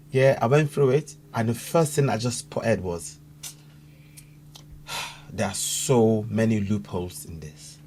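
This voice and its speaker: A man from Africa chatting through a reaction video. He talks earnestly, repeats himself and leans on fillers. His voice sits at an ordinary male pitch with a faint hum behind it. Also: darkish tone. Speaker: YouTube reaction host. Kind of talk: casual reaction commentary.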